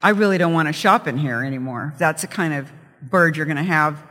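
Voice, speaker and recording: A man's voice: a little high, pushed and bright, big-room sound. A man doing a huffy offended lady shopper. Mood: indignant. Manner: huffy, fast indignant complaining. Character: indignant offended woman shopper.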